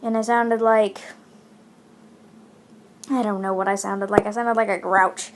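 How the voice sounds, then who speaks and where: A woman's voice: medium pitch, level tone, measured pace, background noise. A woman from India chatting casually as she comments on a game, rambling with many fillers. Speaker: gaming channel host.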